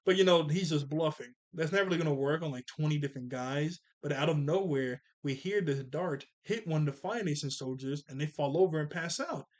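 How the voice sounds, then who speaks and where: A man hosts a casual review of a cartoon episode, retelling it scene by scene. His voice sits a little higher than most men's, and he rambles, chuckles and corrects himself as he goes. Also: brisk, hardly any pauses, a little mellow.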